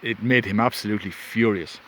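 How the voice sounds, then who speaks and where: A man's voice: on the low side, brisk, a bit bright. A man casually telling a rambling personal story outdoors, recorded on a phone in the wind. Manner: rambling anecdotal, self-interrupting. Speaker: vlogger. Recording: faint wind and ambience.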